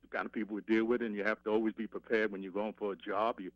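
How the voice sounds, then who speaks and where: Male radio caller on a dull, dry phone line, rambling and halting, quick and lowish. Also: little pitch movement, no room sound. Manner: rambling, halting, many fillers.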